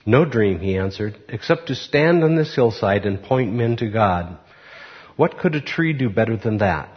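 Humble storybook tree, read by a man, low, muffled. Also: animated, moderate pace, close to an everyday voice. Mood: earnest. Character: humble young tree who wants to point to God. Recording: muffled recording.

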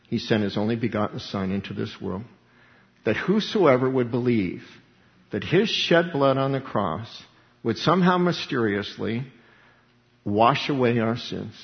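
A man's voice: medium pitch, highs cut off. Preaching man in a reverberant hall. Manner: emphatic, repeats key words, acts out dialogues. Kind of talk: sermon.

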